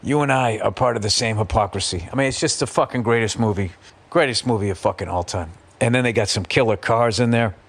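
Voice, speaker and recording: A middle-aged man hosting a podcast, telling a story in a casual, profane, animated way and slipping into quick impressions. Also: on the low side. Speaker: podcast host.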